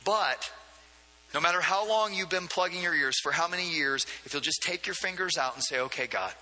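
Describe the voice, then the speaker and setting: A man's voice: high-pitched, brisk, bright, forceful tone. A man preaching a sermon as pastor, in a conversational way with frequent asides and repeated words. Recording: long hall reverb.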